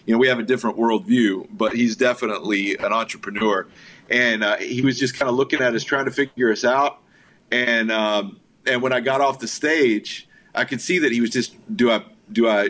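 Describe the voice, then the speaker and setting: A man, a filmmaker guest, telling stories in a casual interview, full of fillers and quoted voices. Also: mid-range voice. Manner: animated anecdotes with quoted voices, frequent fillers.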